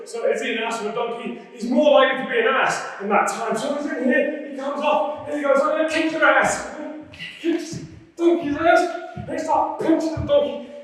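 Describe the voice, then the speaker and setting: An actor playing a defiant radical preacher, telling stories in an animated, mocking way and acting out the voices in a theatre monologue. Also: male voice, extremely high pitch, a little fast. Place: performance hall. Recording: echoey hall, mic far off.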